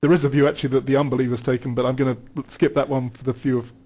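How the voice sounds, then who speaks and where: A man's voice: mid-range voice, flat delivery, rapid-fire, dark tone. A man teaching about scripture in a studio conversation, reading passages aloud and explaining them earnestly, with occasional restarts. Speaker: guest Bible teacher.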